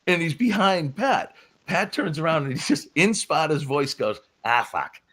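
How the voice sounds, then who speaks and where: Man, podcast guest, former referee, animated storyteller, casual, laughs easily. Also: fairly high pitch, moderate pace, slightly rough.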